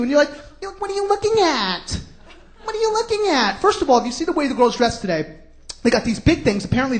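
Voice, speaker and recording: A man from New York with a New York accent, doing a stand-up comedy routine with brash, sarcastic ranting and sudden shouts. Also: high voice. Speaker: stand-up comic.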